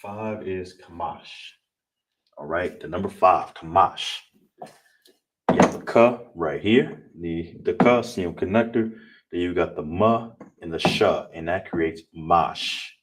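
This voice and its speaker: A man teaching a class, often asking "all right?" and spelling out sounds slowly in pronunciation drills. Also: low voice, poor audio. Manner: repetitive, checks in with "all right?" and "you understand?"; slow, drawn-out pronunciation drills. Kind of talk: classroom lesson on Hebrew numbers. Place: classroom with a board.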